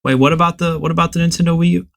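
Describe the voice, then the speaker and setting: A man's voice: fairly high pitch, fairly even intonation, very fast, creaky, a bit bright. Laid-back man. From New Orleans. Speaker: podcast guest. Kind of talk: casual comedic chat.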